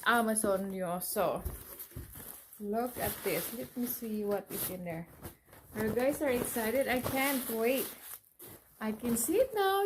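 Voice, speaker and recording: A middle-aged woman talks through a casual unboxing vlog. Her voice sits a little high, and she speaks slowly and unhurriedly. She gushes, exclaiming and repeating herself as she goes. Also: a little hiss or hum. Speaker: vlogger.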